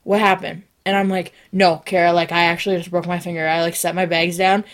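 A young woman co-hosting a comedy podcast, telling a story in a casual, animated way and acting out the voices of the people in it. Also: lowish voice, fast talker. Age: young adult. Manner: animated, acts out quoted voices. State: sick, sniffing and coughing. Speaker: podcast co-host.

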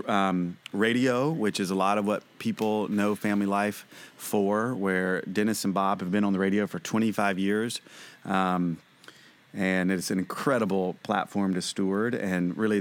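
An earnest middle-aged man with a lowish voice talks through his answers. He rambles a little, circling back with fillers and restarts as he explains. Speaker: ministry president, guest. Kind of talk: conversational interview answers.

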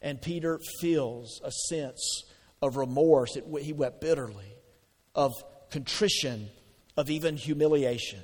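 A man's voice: medium pitch, unhurried, darkish tone, slightly rough, big-room sound. A man preaching a sermon in a conversational way, asking the congregation questions and answering them. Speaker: pastor.

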